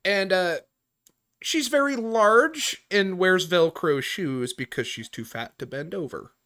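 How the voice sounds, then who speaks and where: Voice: medium pitch, slow pace. A podcast host chatting casually and telling work stories, swearing freely and acting out the people in them. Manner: animated storyteller, swears freely, voices people in the story. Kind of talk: casual podcast chat and storytelling. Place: room at home on a voice chat.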